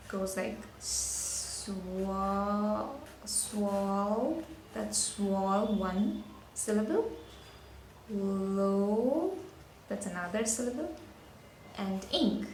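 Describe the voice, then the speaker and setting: A woman's voice: medium pitch, a little mellow. A woman teacher giving a spelling lesson for children, patiently explaining and sounding out words syllable by syllable. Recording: echoey room with faint noise.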